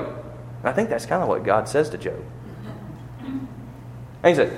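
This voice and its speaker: A man's voice: medium pitch, huge pitch swings, unhurried, pauses often, a little hiss or hum. A man preaching a sermon, building to emphatic peaks and asking rhetorical questions, in a church or funeral hall. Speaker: pastor. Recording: long reverb of a large hall.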